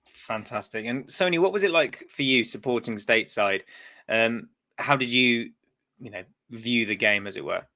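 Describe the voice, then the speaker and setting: A man's voice: medium pitch, normal speed, sharp tone. Man hosting a podcast, asking questions. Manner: steers the talk with questions. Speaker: podcast host. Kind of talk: casual chat.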